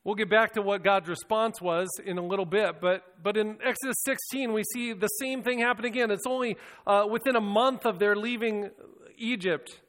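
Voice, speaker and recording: Earnest high-voiced male preacher. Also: fairly even intonation, moderate pace, fairly bright tone, big-room sound. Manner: earnest, reflective, with frequent restarts and repeated words. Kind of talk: sermon.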